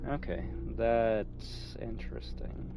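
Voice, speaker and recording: A man's voice: on the low side, big pitch swings, takes it slowly, gravelly, music in the background. A man streaming a game, chatting casually with nerdy asides and plenty of swearing. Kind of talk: casual gameplay commentary.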